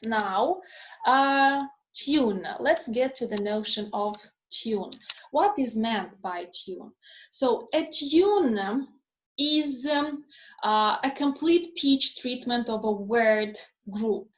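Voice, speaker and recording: Non-native english lady lecturing real slow, bit high voice, echoey dull lo-fi room. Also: lively intonation. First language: not English. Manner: slow, deliberate, frequent ums and rhetorical questions. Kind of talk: recorded phonetics lecture.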